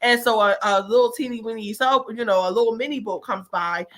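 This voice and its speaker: A woman co-hosting a casual money talk, chatty and animated, telling stories with many fillers. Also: a little high, a little fast. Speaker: co-host.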